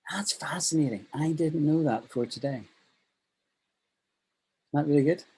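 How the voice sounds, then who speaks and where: A man teaching an online English class, upbeat and thinking out loud as he explains. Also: fairly high pitch, moderate pace, a little hiss or hum, low-quality recording.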